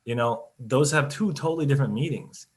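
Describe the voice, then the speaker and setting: A man's voice: mid-range voice, fairly quick. A man speaking casually as a CEO on a business webinar, chatty and loose, with many fillers and restarts, over a video call mic. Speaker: company CEO on a webinar panel.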